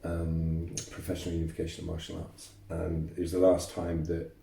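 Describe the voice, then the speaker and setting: A man, telling lively stories as a martial arts instructor guest, repeating words as he goes. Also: deep voice, fairly quick, creaky, far from the mic. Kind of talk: casual interview storytelling. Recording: roomy echo, voice off-mic.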